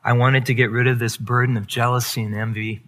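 Pastor, male, bright tone, candid confessional testimony with emphatic build. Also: medium pitch, little pitch movement, brisk. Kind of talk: personal testimony sermon.

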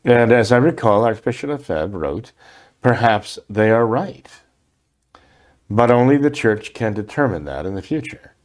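A man's voice: fairly low pitch, animated, a little slow. An older man, a priest, answering listener questions on a talk program in a hesitant way, with many fillers and restarts.

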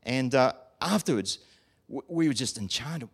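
A man's voice: medium pitch, moderate pace, slightly rough. A man preaching a sermon in an emphatic way, often asking his listeners questions. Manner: animated, emphatic, asks the audience questions.

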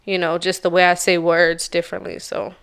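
A woman from Charleston, South Carolina, sharing a personal story on a podcast in a soft, reflective and carefully slow way. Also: fairly low pitch, little pitch movement, vocal fry, smooth. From Charleston, South Carolina, USA. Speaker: podcast co-host.

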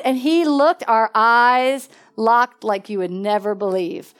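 This is a woman preacher whose voice sits a little high. She tells stories from the pulpit with lots of animation. She lifts into excited exclamations, then drops to a near hush to make a point. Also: slow, clean tone. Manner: animated, swings between excited exclamations and hushed asides. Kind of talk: storytelling sermon.

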